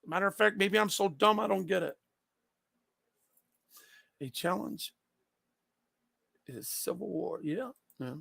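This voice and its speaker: Blunt, confrontational male streamer; high, gravelly voice, swears freely. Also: slow pace, long pauses, pushed and bright, no room sound. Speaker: livestreamer answering his chat. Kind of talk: casual livestream chat.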